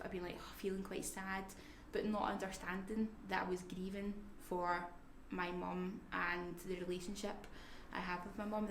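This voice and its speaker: Reflective woman in an echoey room. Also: medium pitch. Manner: reflective and halting, often drifting to a near-whisper. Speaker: family carer. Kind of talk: candid personal interview. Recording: echoey room, faint background noise.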